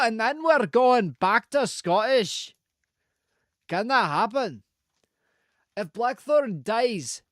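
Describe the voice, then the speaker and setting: A man's voice: very high-pitched, a bit bright, dry recording, clean studio sound, pitched above the performer's own voice, exaggerated voice. A man putting on a loose, half-Scottish accent, teasing his audience in a mock-solemn, profane way. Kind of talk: casual chat with a live audience.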